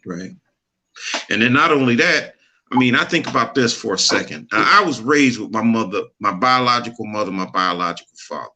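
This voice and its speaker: A man's voice: mid-range voice, fairly quick, pushed and bright, a little hiss or hum. A middle-aged man telling a personal story in casual chat, earnest and preachy, laughing easily. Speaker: podcast co-host.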